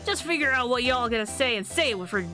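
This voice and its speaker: A woman's voice: on the high side, lively intonation, fast talker, music in the background, natural voice. A woman voicing a brash, blustery Southern woman photographer with an exaggerated American Southern drawl. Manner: blustery, scolding. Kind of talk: reading game dialogue aloud.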